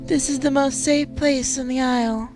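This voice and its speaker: A woman voicing a calm, devout young nun in a game, speaking steadily and reassuringly. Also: high voice, moderate pace, music in the background, natural voice. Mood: assuring.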